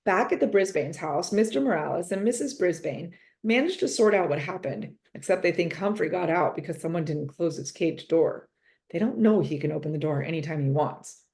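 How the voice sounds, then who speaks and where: A woman reading a children's chapter book aloud, gentle and expressive, in first person. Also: on the low side, a little fast. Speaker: reader. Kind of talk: storybook read-aloud.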